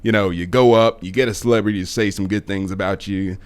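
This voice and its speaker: A man's voice: fairly low pitch, steady tone, fast, clean tone. A man, a guest commentator, explaining his views at length in a casual podcast chat. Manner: talks in long, explaining stretches.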